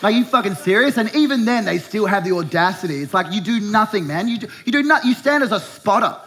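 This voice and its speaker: A man's voice: sits high, lively intonation, fast, fairly bright tone. A young Australian man doing stand-up as the host of a segment, heated and sarcastic, swearing and mocking blokes in put-on voices. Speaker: comedian hosting a show segment. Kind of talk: stand-up rant.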